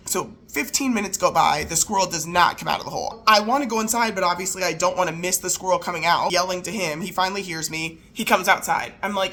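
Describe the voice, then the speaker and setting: A woman in her mid-thirties telling a casual storytime, animated and incredulous as she acts out the people in it. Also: mid-range voice, fairly quick, hardly any pauses. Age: 30s. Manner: animated, incredulous retelling with quoted voices.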